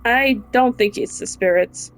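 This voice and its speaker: A woman reads a calm female wanderer's lines aloud in a lower, reassuring way. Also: a little slow, lightly acted, low-quality recording. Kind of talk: reading game dialogue aloud.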